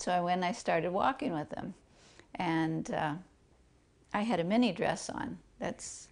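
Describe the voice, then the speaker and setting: Gravelly woman fondly telling a memory. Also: lowish voice. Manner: warm, fond, laughs softly. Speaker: interviewee recalling memories. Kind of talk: reflective storytelling.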